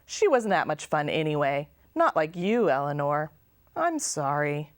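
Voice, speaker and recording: A woman's voice: sits low, sing-song, unhurried, no echo, clean studio sound, pitched below the performer's own voice. A woman voicing a bossy, adventurous little girl in a storybook reading. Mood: apologetic. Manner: pushy, bold.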